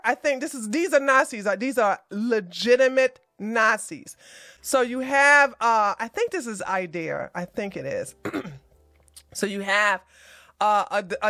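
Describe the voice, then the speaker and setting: Bright-voiced woman commenting heatedly. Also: on the high side, dry recording, clean studio sound. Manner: animated, emphatic, profane outbursts. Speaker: political commentary host. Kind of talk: casual commentary over a played video.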